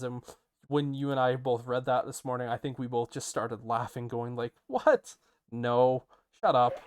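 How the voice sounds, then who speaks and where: Animated man talking football, dry sound. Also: mid-range voice, clean tone, no room sound. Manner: animated, self-interrupting, asks questions. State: hiccuping. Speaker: podcast co-host. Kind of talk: casual sports chat.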